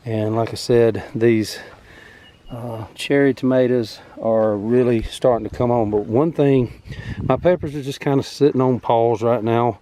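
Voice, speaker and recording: A man's voice: medium pitch, steady tone, unhurried, dark tone, slight background noise. A man, out of breath, rambling easily and with many fillers as he walks through his vegetable garden outdoors. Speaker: farm vlogger. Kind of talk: casual garden walkthrough.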